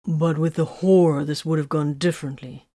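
A woman's voice: sits low, steady tone, normal speed, dark tone, no room sound, clean studio sound. A woman reading the part of a sarcastic male space warrior with an ironic edge.

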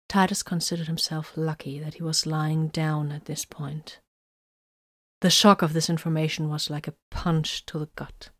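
Low-pitched woman narrator, steady and measured, dry close recording. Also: no room sound. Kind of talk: audiobook narration.

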